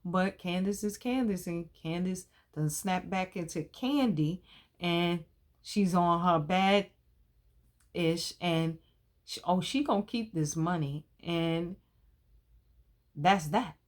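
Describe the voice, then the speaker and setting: A woman's voice: on the low side, takes it slowly. A woman in her thirties, hosting a casual recap of a TV episode, talking in a chatty, colloquial and opinionated way. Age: 30s.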